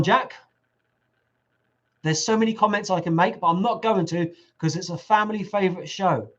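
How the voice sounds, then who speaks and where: A middle-aged man hosts a casual live stream, joking and teasing as he answers viewers. His voice sits fairly high for a man and is wearing a little hoarse. The sound is dull and lo-fi. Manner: jokey, teasing, chatty. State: voice going hoarse. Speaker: livestream host reading viewer comments. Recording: lo-fi livestream audio.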